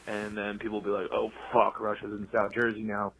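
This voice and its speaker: A man's voice: on the low side, monotone, fairly quick, creaky, fairly bright tone, a little hiss or hum, poor audio. A man joking in a mock-cryptic way on a podcast. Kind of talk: casual chat.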